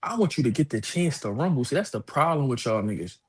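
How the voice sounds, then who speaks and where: A man, co-hosting a casual boxing talk show, telling animated stories, acting out other people's voices and cursing freely. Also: mid-range voice, fast talker, husky, soft background music. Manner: animated storytelling, puts on voices of others, profane. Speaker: co-host of a boxing podcast. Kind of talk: casual chat.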